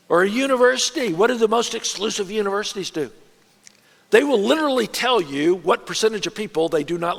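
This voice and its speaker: A man preaching a sermon in a church in a lively, conversational way, now and then putting on voices. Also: sits high, creaky. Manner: animated, conversational preaching with quick put-on voices. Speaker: pastor. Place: church auditorium. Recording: long reverb of a large church hall.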